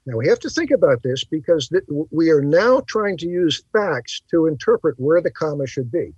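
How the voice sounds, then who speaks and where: Husky teacherly man, lively pitch. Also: dry recording, highs cut off. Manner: teacherly, pausing to stress points. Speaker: podcast host. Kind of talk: explanatory bible talk.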